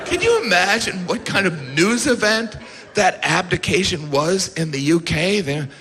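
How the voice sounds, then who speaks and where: Middle-aged deadpan stand-up comedian. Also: male voice, high-pitched, moderate pace, crowd noise. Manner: deadpan delivery, jumps to shrieking exaggerations. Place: large live comedy venue with audience laughter. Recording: echoey hall, noisy audience room.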